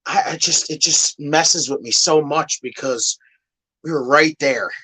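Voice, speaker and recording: A man's voice: a little high, unhurried, bright, forceful tone, breathy edge, low-quality recording. A man co-hosting a wrestling podcast, venting his frustration in casual chat. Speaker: podcast co-host.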